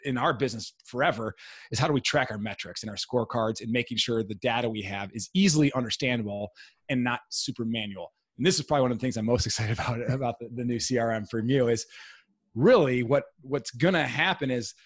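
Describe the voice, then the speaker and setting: A man talking as a podcast guest, laying out his points in a steady, explanatory, businesslike way. His voice sits at an average pitch for a man. The recording is close and dry, with no room sound. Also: fast, slightly rough, no echo. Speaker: podcast guest, real estate investor; salesperson. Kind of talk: casual interview talk.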